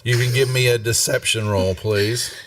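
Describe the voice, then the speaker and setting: A man running a tabletop game as game master, narrating in an unhurried, rambling way with many fillers. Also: medium pitch, fairly even intonation, a bit bright, recorded from a distance.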